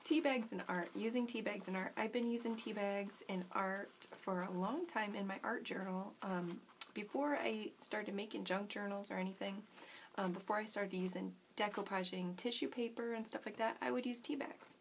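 Woman, casual craft vlogger, fry-tinged voice, self-mocking and giggly, slight mouthful from a cough drop. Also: mid-range voice, fairly even intonation, moderate pace, a little hiss or hum. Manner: chatty and self-deprecating, giggles often, many ums. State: talking around a cough drop. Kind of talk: casual craft tutorial chat. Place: home at night, indoors.

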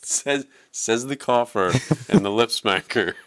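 A man co-hosting a podcast in casual banter, quick with wry comebacks. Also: medium pitch, a bit bright, no echo. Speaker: podcast co-host.

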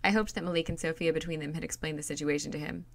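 Woman narrator for a read-aloud novel; steady plain delivery, low and gravelly. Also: racing, no room sound. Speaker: reader.

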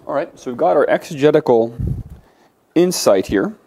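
A man's voice: fairly high pitch, expressive, moderate pace, mellow. A man teaching a Greek class, lecturing in a conversational way with many fillers and restarts. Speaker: Greek instructor.

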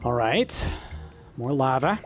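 Let's play host, casual rambling commentary, animated pitch, self-deprecating; faint game music. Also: slow.

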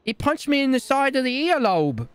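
Brash, high-voiced man rambling in role-play. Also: sing-song, moderate pace, clean tone. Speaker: streamer playing a role-play character. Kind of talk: improvised game role-play.

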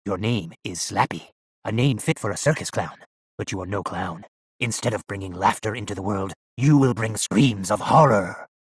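A man playing an old evil sorcerer who speaks in a hushed, commanding, pompous way in an audiobook. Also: fairly low pitch, normal speed, husky, no echo, clean studio sound. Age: over 60.

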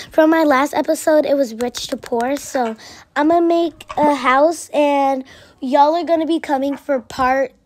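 A woman's voice: high voice, a little mellow. A female storyteller narrating a role-play story with chatty, rambling asides.

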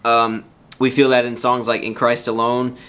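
A man giving a casual worship guitar lesson, counting beats out loud over his strumming. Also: medium pitch, flat delivery, moderate pace. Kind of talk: relaxed guitar lesson with sung examples. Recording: loud acoustic guitar under the voice. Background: acoustic guitar playing.

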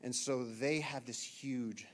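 A man in his thirties from the United States, a naturalist giving an animated storytelling talk to an audience in a lecture hall. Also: medium pitch, slow pace, a little hiss or hum. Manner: animated, acts out shouted quotes.

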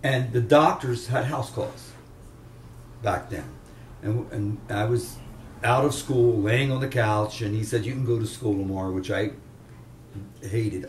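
A man's voice: on the low side, measured pace, long pauses, a little hiss or hum. An older man from the Chester, Pennsylvania area, telling rambling anecdotes as a veteran guitarist in a casual interview. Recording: roomy room, distant mic, faint ambience.

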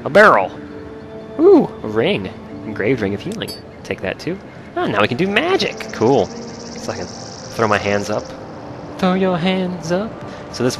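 A man giving excitable, joking commentary while playing a video game. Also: on the low side. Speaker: let's play host. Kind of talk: casual gameplay commentary.

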